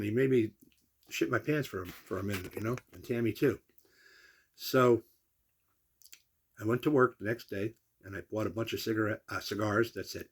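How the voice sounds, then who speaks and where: A man in his sixties with a lowish, gravelly, husky voice tells salty family stories casually and fairly quickly. He's an animated storyteller who acts out whoever he's quoting.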